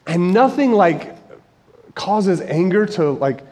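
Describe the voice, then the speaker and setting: A man's voice: high-pitched, big pitch swings, takes it slowly, darkish tone. Earnest man preaching in a reverberant hall. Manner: earnest, storytelling, rising to emphatic peaks. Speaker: preacher and high school Bible teacher. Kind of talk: conversational sermon. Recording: long reverb of a large hall.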